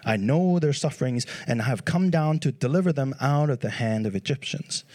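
A man voicing God as a solemn, commanding figure making slow, grave pronouncements. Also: medium pitch, darkish tone, pitched below the performer's own voice, lightly acted.

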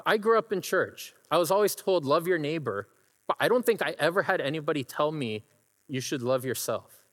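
A man's voice: a little high, lively intonation, brisk, a bit bright. A middle-aged man preaching a sermon, telling personal stories and breaking into laughter as he imitates a friend's laugh. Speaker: pastor. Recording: long hall reverb.

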